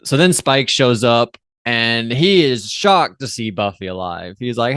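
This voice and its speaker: A man's voice: mid-range voice, lively intonation, a little slow, a bit bright, clear, resonant tone, no echo, clean studio sound. A man co-hosting a podcast, chatting casually and rambling through an episode recap, often acting out the characters' lines. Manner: rambling, loose, with fillers and playful quoting of characters. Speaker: podcast co-host.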